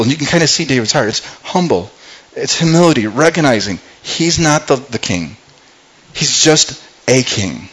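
A man's voice: mid-range voice, animated, normal speed, a bit bright, husky, low-quality recording. A man preaching a sermon, reading scripture aloud and retelling it, often repeating words and restarting as he goes. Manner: reads scripture then paraphrases with acted character voices. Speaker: pastor.

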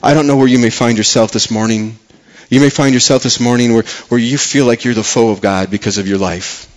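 A man preaching a sermon as a pastor, earnest, repeating words for emphasis and dropping soft and low on key phrases. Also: fairly even intonation, brisk.

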